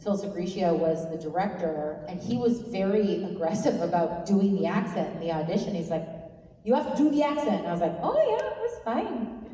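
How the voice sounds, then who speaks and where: A woman speaks on a convention panel, thoughtful and grateful, acting out quotes as she answers. Her voice is mellow and dark. The sound is heard from far off, washed in the long echo of a big hall. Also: on the low side. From Canada.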